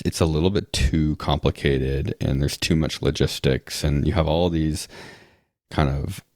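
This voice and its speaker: A man's voice: very deep voice, creaky, darkish tone, dry recording. A man talking as a podcast guest in a loose, rambling way, full of restarts, fillers and dry sarcastic asides. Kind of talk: casual interview chat.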